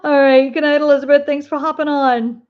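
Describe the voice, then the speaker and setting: The muffled recording captures a woman with a high, steady voice talking a little fast as she hosts a crafting livestream. Hailing from the Ozark Mountains of the US, she speaks with a twang, rambling casually through viewer comments and laughing often.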